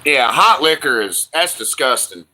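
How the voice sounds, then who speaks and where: A man's voice: medium pitch, lively intonation, measured pace, pushed and bright. A man hosting a casual livestream, chatting with viewers in loose, slangy, profane banter. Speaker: livestream host.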